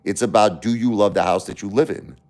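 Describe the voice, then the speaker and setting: A man's voice: lowish voice, a little fast, darkish tone. A man hosting a casual livestream, talking bluntly and repetitively to his chat, confronting viewers by name. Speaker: livestream host.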